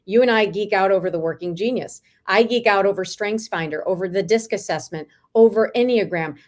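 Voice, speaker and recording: A woman in her forties, a real estate team leader, telling lively stories as an interview guest. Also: mid-range voice. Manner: lively, animated anecdotes. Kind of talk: storytelling in a video interview.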